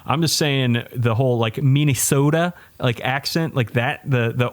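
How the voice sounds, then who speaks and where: A man's voice: medium pitch, moderate pace. A man co-hosting a podcast, chatting casually with hesitant restarts that then rush ahead. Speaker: podcast co-host. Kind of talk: casual chat.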